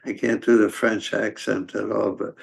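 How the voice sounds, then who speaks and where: A man giving a scripture class in a halting, conversational way, with many fillers and restarts. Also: on the low side, little pitch movement, gravelly. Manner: conversational storytelling. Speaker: class speaker.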